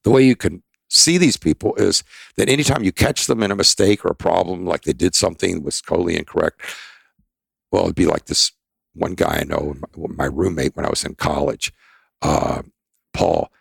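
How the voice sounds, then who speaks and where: A man's voice: low-pitched, moderate pace, creaky, breathy edge, no room sound. An older man, a podcast guest, telling rambling, emphatic anecdotes in a casual interview. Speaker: expert guest.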